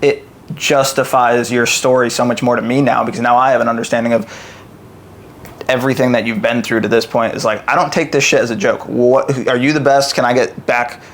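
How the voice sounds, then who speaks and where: A man hosts a casual podcast conversation with a voice of middle pitch. He is enthusiastic and blunt, swears freely and acts out past exchanges with energy. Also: little pitch movement, brisk. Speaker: podcast host.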